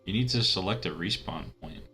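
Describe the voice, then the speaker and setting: A man's voice: deep voice, a little fast, sharp tone, soft background music. A man giving casual, rambling commentary while playing a video game, chatty and laughing at his own asides. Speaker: let's-play gamer.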